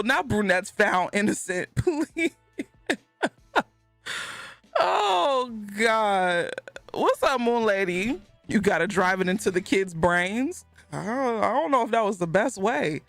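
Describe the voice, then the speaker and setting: A woman streaming live, chatting casually with her chat, animated and laughing a lot as she banters. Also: a little high, dry recording. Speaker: gaming streamer.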